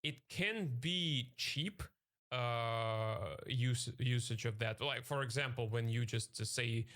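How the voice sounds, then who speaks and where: Guy hosting a podcast, mid pitch, lots of uhs and yeahs, hesitant questions. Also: takes it slowly, a bit bright. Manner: hesitant, many "uh"s and tag "yeah"s. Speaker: podcast host. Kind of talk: casual podcast interview.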